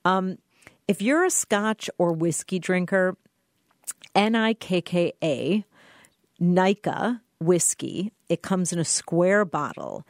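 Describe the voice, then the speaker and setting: A woman co-host chats casually on a podcast, gushing over her favorite finds. Her voice sits a little low, and the studio sound is dry and close. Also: sing-song, takes it slowly, dry recording. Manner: enthusiastic, gushing recommendations. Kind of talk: casual chat.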